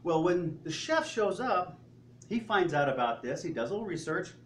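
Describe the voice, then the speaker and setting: A male pastor delivers a sermon in a church sanctuary, animatedly recounting stories and asking rhetorical questions. His slightly high voice swings widely in pitch at a moderate pace; the distant, roomy recording carries faint ambience and a little hiss or hum.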